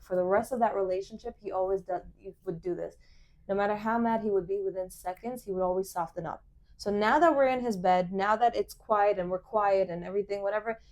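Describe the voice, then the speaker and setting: A young woman hosting a podcast, telling a dating story in casual chat, animated and swearing, full of fillers. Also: medium pitch. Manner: animated, swearing, many fillers, acts out quoted lines. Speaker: podcast host.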